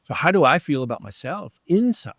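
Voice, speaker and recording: A man in his seventies, a leadership coach interviewed as a guest, talking earnestly and slowing down to stress key phrases. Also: fairly high pitch, no echo, clean studio sound. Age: 70s. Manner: earnest and animated, slows down to stress key phrases, acts out quoted voices. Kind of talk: conversational interview.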